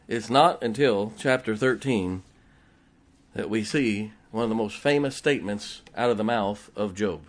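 A man preaching a sermon, emphatic and repetitive, his voice rising and falling for effect. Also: mid-range voice. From West Virginia. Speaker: pastor.

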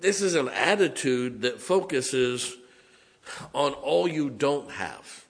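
Folksy middle-aged preacher. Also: male voice, mid-range voice, expressive, takes it slowly. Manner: folksy preaching with mocking whiny impressions. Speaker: pastor. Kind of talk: sermon.

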